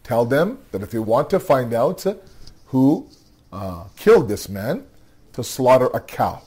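A man's voice: mid-range voice, big pitch swings, measured pace, darkish tone, breathy edge. Tired man telling a religious story. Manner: conversational storytelling, frequent "okay?" check-ins and repeated restarts. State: tired, yawning. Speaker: religious speaker. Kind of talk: nightly religious storytelling talk.

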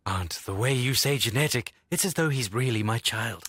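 An actor playing a moody, defensive young man in a dubbed TV drama, with a husky voice and irritable manner. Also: medium pitch, animated, normal speed, fairly bright tone, no room sound, studio quality.

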